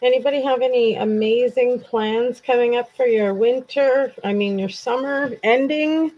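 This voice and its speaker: A woman's voice: on the high side, normal speed, highs cut off. A woman hosting a casual true crime livestream from her computer desk, chatting bluntly with viewers and swearing freely. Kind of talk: casual live-stream chat with viewers.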